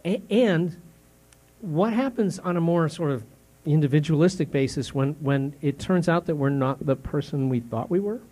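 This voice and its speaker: Conversational older pastor preaching. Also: male voice, a little high. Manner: conversational, questioning, with many restarts and fillers; drops soft and slow on grave words, rises sharply when indignant. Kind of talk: sermon.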